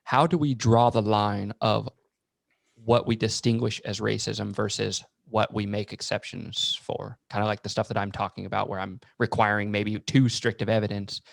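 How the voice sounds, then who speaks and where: A man's voice: on the low side, level tone, moderate pace, gravelly, dry recording, clean studio sound. A man talking on a podcast, asking thoughtful questions in a casual chat. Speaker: podcast guest.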